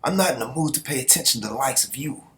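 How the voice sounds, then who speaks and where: An irritable young warrior brushes off someone he has no patience for, voiced by a man reading a comic. The line comes quick, clipped and dismissive, set above a normal speaking pitch. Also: lively intonation, fairly bright tone, close to an everyday voice. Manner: brusque, dismissive.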